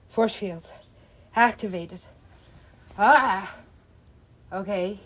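Woman DJ, slow and meandering, casual swearing, laughs a lot. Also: mid-range voice, gravelly, fairly bright tone, slightly rough. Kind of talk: rambling casual monologue.

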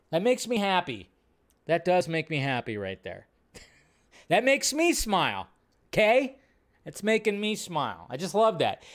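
A man hosting a live movie news stream, talking casually and with enthusiasm, often riffing by repeating words. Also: high-pitched.

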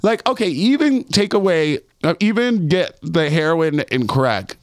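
A man's voice: fairly high pitch, sing-song, a little slow. A man co-hosting a casual podcast, telling stories in a rambling way with plenty of fillers and swearing. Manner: rambling storyteller, swears freely, lots of fillers. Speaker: podcast co-host. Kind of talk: casual chat.

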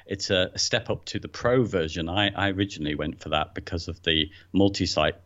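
A deep-voiced man talks through a casual podcast as co-host. He often stumbles and repeats words before getting going. The recording sounds a little dull and lo-fi. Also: fairly quick, fairly bright tone. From England. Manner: hesitant, repeats words when starting.

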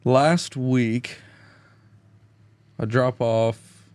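A man's voice: mid-range voice, fairly even intonation, drawn-out words, a little mellow, clear, resonant tone, no echo. A man hosting a podcast in a casual chat, steering the talk back to the topic. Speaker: podcast host.

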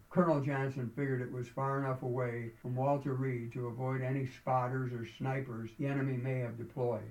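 Male author narrating his own novel; steady, measured; roomy recording. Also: mid-range voice. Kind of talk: dramatic book reading. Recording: roomy echo.

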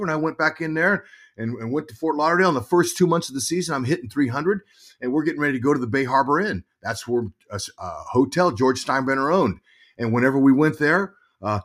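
A middle-aged man, a former ballplayer, telling stories as an interview guest in a lively, halting way that often repeats words. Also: mid-range voice. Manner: animated storyteller, repeats words while thinking. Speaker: guest, former pro baseball player and broadcaster. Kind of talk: casual interview storytelling.

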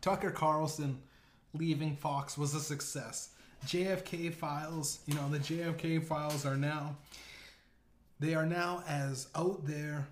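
A man voicing a grizzled, older male conspiracy official with a scar, who briefs a meeting in a slow, deliberate way. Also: a little high, steady tone, a little hiss or hum, natural voice. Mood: briefing. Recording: roomy echo.

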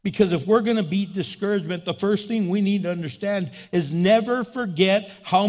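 High-voiced man preaching fervently. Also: fairly quick, hardly any pauses. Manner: fervent preaching, prompts the congregation to respond; swings between loud exhortation and low, intimate asides. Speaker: pastor. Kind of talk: sermon.

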